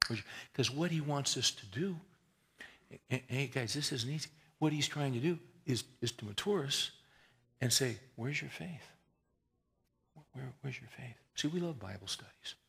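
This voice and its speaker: A man preaching a sermon in a folksy, conversational way, rising to emphatic swells and dropping to hushed prayer. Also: medium pitch, expressive, moderate pace. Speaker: pastor.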